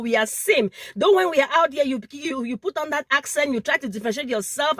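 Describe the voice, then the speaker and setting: A vlogger makes an impassioned appeal straight to camera, sweating in the heat as she repeats phrases emphatically and stumbles over words. Her voice is fairly high, animated and fairly bright, at a moderate pace. The recording is dry and studio quality.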